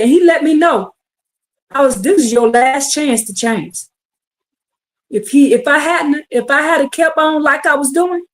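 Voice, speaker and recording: Fervent woman preacher on a livestream, high voice, goes from hushed to shouting. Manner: fervent, calls out to listeners, swings from hushed to shouting. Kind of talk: livestream sermon.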